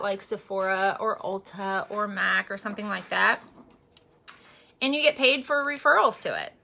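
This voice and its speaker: A chatty woman in her forties vlogs her makeup routine, wandering off into personal stories. Her voice sits a little high and rings bright and forward. She talks casually, full of fillers, and turns earnest when she speaks about faith. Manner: chatty and rambling, with many fillers. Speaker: makeup vlogger and direct seller.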